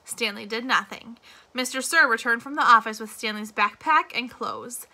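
A woman's voice: fairly high pitch, normal speed, bright, forceful tone. A woman reading a novel aloud, giving the characters their own voices. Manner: reads dialogue with character voices. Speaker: reader.

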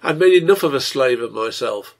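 A quick-tempered innkeeper blusters and snaps, as a man reads him aloud. The voice is rough and gravelly, with a husky edge. He sits in a middle pitch, neither high nor deep. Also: lively intonation. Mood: furious. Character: angry grown male innkeeper.

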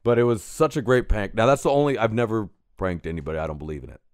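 A man co-hosting a podcast, telling a story in casual, profane chat and shouting as he acts out the scenes. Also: fairly low pitch, quick pace, clean tone, dry recording, studio quality. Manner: animated, profane, shouts when acting out scenes. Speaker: podcast co-host.

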